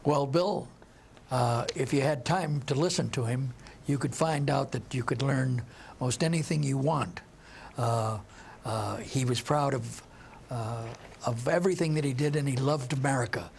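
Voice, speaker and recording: An older man, a guest on a TV talk show, speaking haltingly with many restarts. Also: mid-range voice, creaky, a little mellow, a little hiss or hum. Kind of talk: emotional TV interview.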